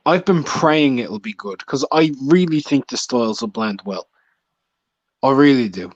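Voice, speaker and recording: A man co-hosting a boxing chat, giving measured fight analysis and teasing his partner. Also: medium pitch, animated, dry recording, lo-fi sound.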